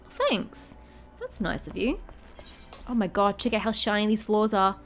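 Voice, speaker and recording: A woman chatting casually while she plays, reacting out loud and swearing freely. Her voice sits in a middle pitch. Faint game music runs behind her. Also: big pitch swings, unhurried, long pauses. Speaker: gamer. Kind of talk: casual gaming commentary.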